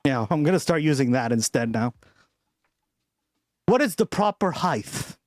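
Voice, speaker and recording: Streamer dude ranting, lots of cussing, bit high pitched and super animated, faint music behind. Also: male voice, unhurried, no room sound, clean studio sound. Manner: profane, rambling, laughs often. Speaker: livestream host. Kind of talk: casual livestream commentary.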